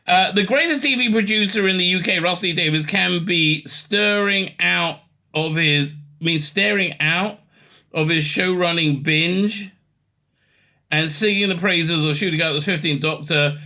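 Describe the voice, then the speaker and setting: A man's voice: sits high, unhurried, sharp tone. A man hosting a ranting news commentary, reading articles aloud with scorn and exasperation and stumbling over the text. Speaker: commentary channel host.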